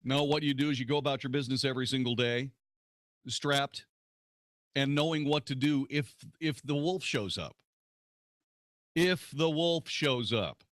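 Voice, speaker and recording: A man hosts a talk radio show from the studio, blunt and cutting, with a sarcastic edge. His voice sits at an ordinary middle pitch. The sound is close and dry, with no room around it. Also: normal speed, long pauses, a bit bright, no room sound. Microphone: studio microphone.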